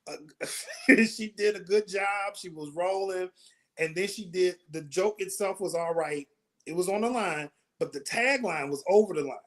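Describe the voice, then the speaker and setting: A man hosting a comedy talk show, chatting casually and telling animated stories about booking comedians. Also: sits high, a little slow. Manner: animated storytelling with laughs. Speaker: comedy show host and producer. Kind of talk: casual interview chat.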